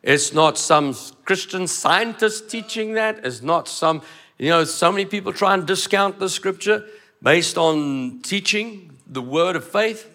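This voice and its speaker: A man's voice: high voice, measured pace, pushed and bright. A man preaching a sermon, emphatic, repeating phrases and acting out dialogue. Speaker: pastor.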